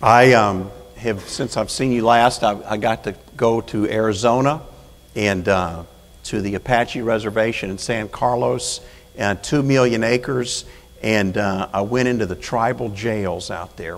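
Folksy preaching man, gravelly, hall reverb. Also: lowish voice. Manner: folksy, rising to fervent calls of "Amen?". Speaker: prison chaplain preaching. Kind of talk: sermon. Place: church sanctuary.

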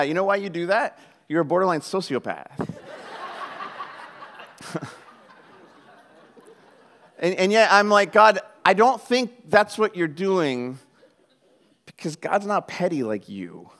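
A man preaching a conversational sermon, animated and joking, acting out the voices of the people in the story. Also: high voice. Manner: animated, jokey, acts out quoted voices. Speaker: pastor.

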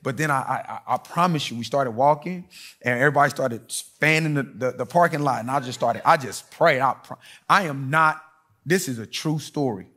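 A middle-aged man preaching a sermon, telling stories and acting out quoted voices, swinging between loud and hushed. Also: mid-range voice, normal speed. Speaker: pastor.

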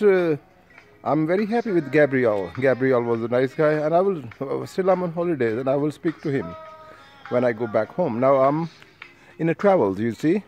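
A man's voice: on the high side, a little mellow. Chatty man with music behind. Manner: chatty, addresses listeners one by one, frequent tag questions. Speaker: vlogger addressing an online speaking group. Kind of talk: casual rambling video message. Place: outdoors while travelling.

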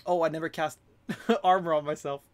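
A man's voice: a little high, steady tone, moderate pace. Playful young man streaming a game. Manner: playful, chatty, laughs often. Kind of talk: casual let's play commentary.

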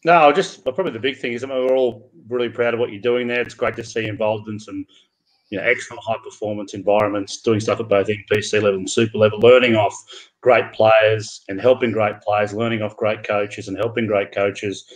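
Animated male rugby analyst co-host. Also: on the low side, brisk, low-quality recording. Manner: animated, explanatory. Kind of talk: sports analysis chat.

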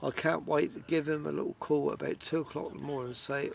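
A man's voice: fairly high pitch, animated, fast, gravelly, hardly any pauses, over loud music. A man chatting casually to camera while out at a fishing match by a lake. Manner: chatty, banters with friends. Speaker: vlogger filming a fishing match. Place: outdoors by a lake at evening. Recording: outdoors at a lake, faint ambient noise.

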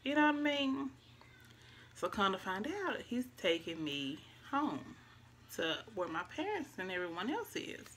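A woman's voice: medium pitch, sing-song, measured pace, fairly bright tone, a little hiss or hum. A young woman, telling a personal story casually and emotionally, with her voice often dropping to near-whispers. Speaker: vlogger.

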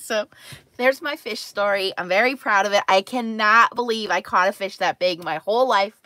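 A middle-aged woman with a bright, fairly high voice chats casually as host of a crafting stream. She tells stories in an animated way, laughs often and acts out what others said. The sound is close and dry. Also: no echo. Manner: animated, laughing, quick to act out quotes. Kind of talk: casual storytelling chat.

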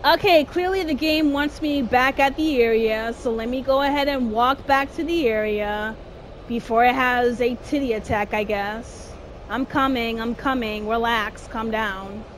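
A young woman giving let's play commentary on a horror game, exasperated and complaining, shouting at her character. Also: sits high, normal speed, a little hiss or hum. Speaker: gamer playing a horror game.

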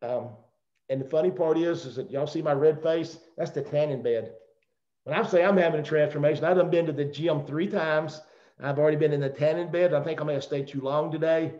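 Speaking fairly quickly in a steady, mellow voice on the high side, a Southern middle-aged man serves as guest speaker on a company call. His motivational talk rambles and jokes, and the video call audio is roomy and dull.

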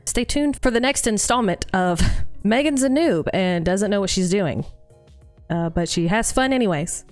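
A woman's voice: mid-range voice, expressive, normal speed, no room sound, soft background music. A woman hosting a gaming video, talking through her play in a chatty, self-mocking way. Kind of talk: casual gameplay commentary.

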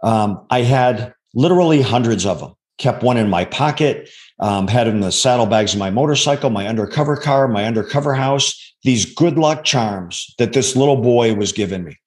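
A man in his sixties speaks as an interview guest, slow to find his words and often restarting. His voice sits at an ordinary middle pitch, and his manner is earnest and reflective. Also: animated. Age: 60s. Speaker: interview guest, former undercover agent. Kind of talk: reflective personal storytelling.

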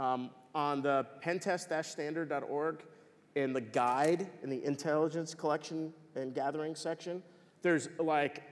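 A man giving a conference talk as casual, profane storytelling, animated and swearing freely. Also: on the high side. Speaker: conference speaker. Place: large conference hall. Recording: long hall reverb.

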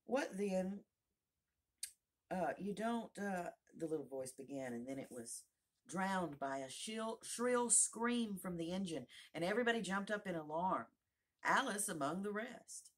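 A woman reading a children's classic aloud, expressive and giving each character its own voice. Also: lowish voice, moderate pace. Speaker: narrator, audiobook reader. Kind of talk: storybook read-aloud.

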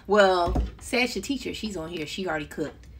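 Chatty woman cooking over loud chopping. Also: fairly low pitch, expressive, moderate pace, heavy background noise. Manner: chatty, talks to viewers while chopping, laughs often. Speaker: cooking livestream host. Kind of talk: casual cooking livestream chat. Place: home kitchen. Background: loud chopping and kitchen clatter.

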